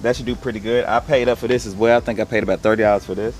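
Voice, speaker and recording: A man's voice: fairly low pitch, steady tone, rapid-fire, soft background music. A young man casually talking through his resale haul in a laid-back, rambling, slangy way. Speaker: online reseller showing his haul.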